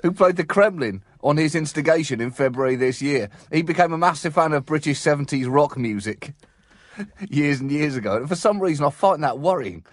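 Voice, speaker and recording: Man, comic co-host, mock-serious delivery, slightly high voice, dry close sound. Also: lively intonation, a little fast, dry recording. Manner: dry, mock-solemn delivery with sudden laughs. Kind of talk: comic news chat.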